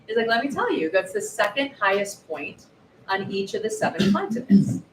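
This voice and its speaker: Woman, 40s, author guest at a live event; lively, acts out quotes; mic a bit far, roomy echo, faint hiss. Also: medium pitch, moderate pace. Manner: lively, animated storyteller acting out quotes. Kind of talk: storytelling at a live book event. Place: bookshop event space.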